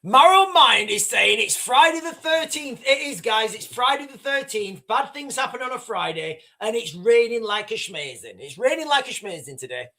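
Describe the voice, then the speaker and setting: A man's voice: high-pitched, sing-song, normal speed, few pauses, pushed and bright. A man hosting a live stream, talking in a rambling, conversational way to his viewers and reading their chat comments. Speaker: livestream host.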